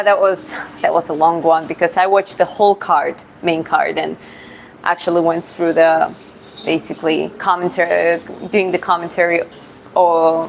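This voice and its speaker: A woman from Georgia with a Georgian accent, a livestream host and fitness coach answering chat questions in a relaxed, chatty way, often searching for words. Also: lowish voice, vocal fry, slight background noise, poor audio.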